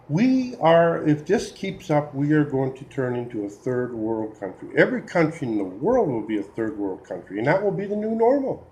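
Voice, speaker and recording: A man rants to camera with mounting exasperation, stumbling over restarts and letting out sighs. His voice is mellow and dark in tone, yet it swings widely in pitch as he works himself up. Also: sing-song, normal speed, rough recording. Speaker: video blogger. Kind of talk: opinion rant to camera.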